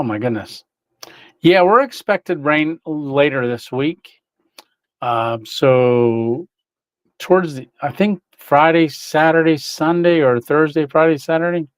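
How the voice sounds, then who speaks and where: A man's voice: fairly high pitch, a little slow, no echo. A man hosting a casual livestream, reading chat, greeting viewers by name and laughing often.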